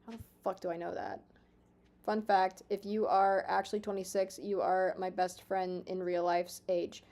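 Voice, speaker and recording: A woman in her twenties streaming a game, chatting casually with her viewers, swearing freely, excitable and self-mocking. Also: medium pitch, normal speed. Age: 20s. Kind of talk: casual live-stream chat.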